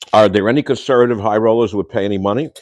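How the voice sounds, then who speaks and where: Gruff, very deep-voiced older man ranting. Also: a little mellow. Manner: ranting, insulting, Yiddish slang. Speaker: host. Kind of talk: casual livestream monologue. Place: home kitchen.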